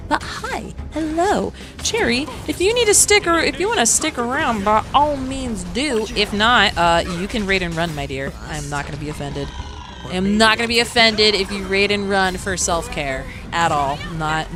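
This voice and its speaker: A woman's voice: mid-range voice, animated, normal speed. A woman streaming as a virtual singer and gacha player, chatting playfully with her chat while she plays, humming and laughing as she goes. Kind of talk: casual live-stream chat while gaming. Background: background music.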